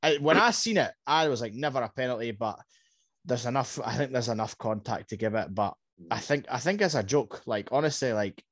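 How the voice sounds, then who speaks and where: A Scottish man on a podcast, chatting about football in an animated, rambling way. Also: mid-range voice, a little fast, dry recording. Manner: animated, rambling, repeats words. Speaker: podcast co-host. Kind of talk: casual football chat.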